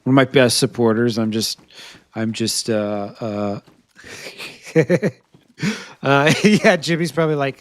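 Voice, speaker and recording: This is a man from the United States with a fairly low, expressive voice and an unhurried delivery. He's live-streaming a video game, chatting with viewers, laughing often and talking to himself as he looks for gear.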